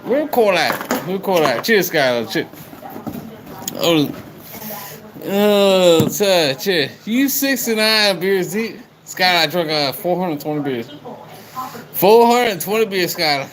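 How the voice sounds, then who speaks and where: A man's voice: sits high, lively intonation, takes it slowly, fairly bright tone, slight background noise, poor audio. A young man livestreaming, chatting loosely with viewers, calling them by name, rambling and swearing a lot. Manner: rowdy, repetitive, swears a lot.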